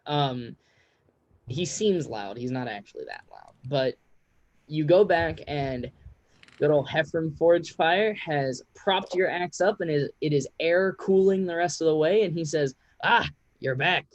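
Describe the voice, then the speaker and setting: Game master running a tabletop session, halting delivery; dull lo-fi sound. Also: medium pitch, a little mellow, no echo. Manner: hesitant, restarts often.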